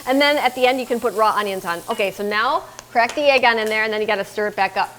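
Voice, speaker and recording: A woman's voice: on the high side, fast talker, background noise. A middle-aged woman hosting a casual cooking demonstration in her home kitchen, chatting through each step and talking to her son as she cooks. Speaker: cooking show host.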